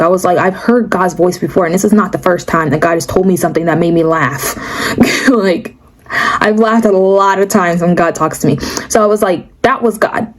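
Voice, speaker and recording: A woman's voice: medium pitch, poor audio. A young woman telling a casual faith story to her viewers, chatty and full of asides. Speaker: faith vlogger. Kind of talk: casual testimony.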